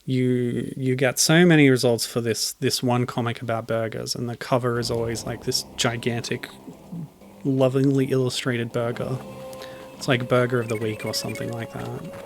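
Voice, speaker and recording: Over game music, a man streams a video game and chats casually, rambling away from the action. He delivers it flatly at a normal speed, his mid-range voice marked by vocal fry.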